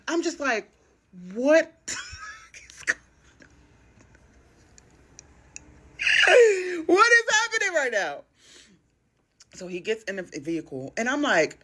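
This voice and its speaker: A woman telling a dating story on a talk show, slangy and expressive, acting out both sides of each conversation. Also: medium pitch. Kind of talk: animated story time.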